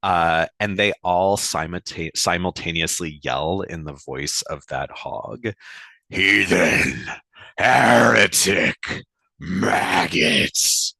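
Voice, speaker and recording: A man narrating his turn in a tabletop role-playing game, halting with many fillers and restarts. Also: low-pitched, steady tone, a bit bright, dry recording.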